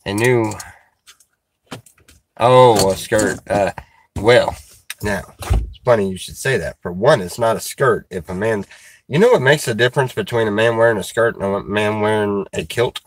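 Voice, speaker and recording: Halting, chatty man on a dry mic. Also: on the low side, no room sound. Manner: halting, many restarts and fillers; chuckles while reading comments. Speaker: livestreamer reading chat. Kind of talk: casual live chat.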